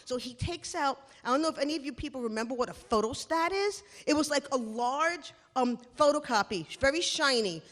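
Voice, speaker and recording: A woman telling a funny personal story live on stage, animated and sarcastic as she acts out the scenes. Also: sits high, brisk, few pauses, in a large hall. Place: small stage venue.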